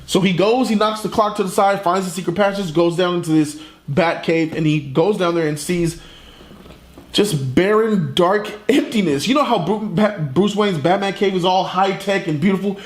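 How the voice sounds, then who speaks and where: Slangy high-voiced man reviewing comics. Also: moderate pace, echoey room. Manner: slangy, profane, animated retelling.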